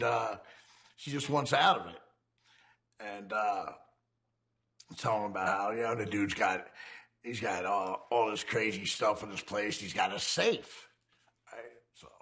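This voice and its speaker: Gravelly man telling a profane story. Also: mid-range voice, fairly bright tone. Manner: profane, rambling, laughing often. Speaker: interviewee recounting his criminal past. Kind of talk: casual storytelling.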